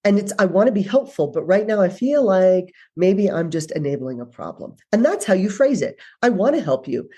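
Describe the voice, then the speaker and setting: A woman guest on a podcast, a leadership speaker, talking in a brisk, direct way and acting out dialogue in her stories. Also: medium pitch, very animated, dark tone. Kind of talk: casual interview chat.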